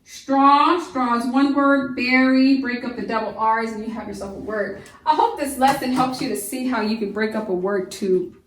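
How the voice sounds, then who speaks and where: A woman teaching a phonics lesson, slowly sounding out the syllables of words. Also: on the high side, far from the mic. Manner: slow, stretched sounding-out of syllables. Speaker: homeschool teacher. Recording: echoey room, voice off-mic.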